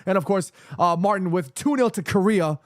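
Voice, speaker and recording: A man's voice: sits high, normal speed, no room sound, clean studio sound. A man streaming a football watchalong, thanking viewers by name and rallying the chat, swinging between hype and nervous murmurs. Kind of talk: live match watchalong, reading chat aloud.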